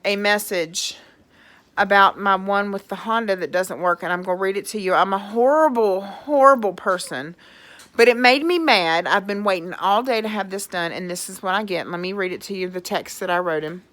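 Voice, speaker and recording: A woman's voice: mid-range voice, fairly quick, fairly bright tone. A woman, ranting angrily in a vlog, swearing and sarcastic as she reads out her own texts. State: angry. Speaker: vlogger. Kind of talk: angry rant reading out texts.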